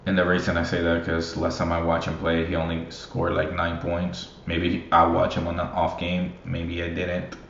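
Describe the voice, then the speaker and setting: A man's voice: low voice, monotone, moderate pace, few pauses, a bit bright. A young man rambling as a basketball fan in casual solo commentary, swearing freely and laughing often. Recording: roomy, muffled, faint hiss.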